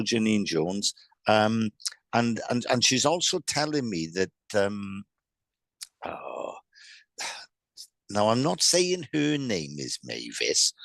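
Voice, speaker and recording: A man's voice: lowish voice, a bit bright, no echo. A South Welsh man in his fifties, giving a live mediumship reading in a friendly, chatty way, often stammering and restarting his sentences. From South Wales.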